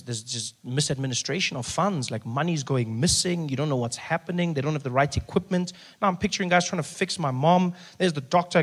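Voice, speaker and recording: South african guy doing stand-up, high husky voice, jumps into every character. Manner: animated, acts out voices in his stories. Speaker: stand-up comedian. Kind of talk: stand-up storytelling.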